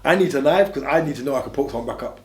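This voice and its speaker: Speaking quickly in street slang, this mid-range-voiced guest from England tells casual stories in an interview, leaning on repeated, emphatic phrases. The room echoes.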